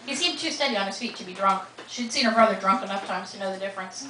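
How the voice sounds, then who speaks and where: A woman reads her novel aloud at a bookstore event, narrating expressively with a bright, clear tone. The recording is roomy and distant, with faint ambience in the background. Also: medium pitch, fast, a little hiss or hum. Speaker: author reading her novel. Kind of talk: live book reading. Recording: roomy, distant live reading.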